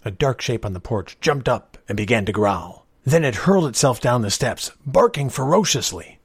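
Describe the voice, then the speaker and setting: A man narrating a story in a measured, expressive reading voice. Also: medium pitch, husky, no echo, clean studio sound.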